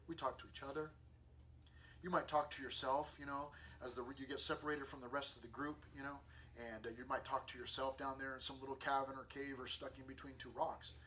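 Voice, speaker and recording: A man teaching a Bible lesson to a youth group in a casual, lively way, acting out the dialogue as he tells the story. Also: medium pitch, fairly quick, a little hiss or hum. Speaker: youth pastor. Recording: distant mic with faint room ambience.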